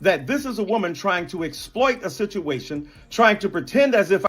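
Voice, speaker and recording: A man with a notably high voice argues indignantly on air. He stacks up accusations word by word, emphatic and firm, in the manner of a heated televised debate. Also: very animated, moderate pace, fairly bright tone, slightly rough.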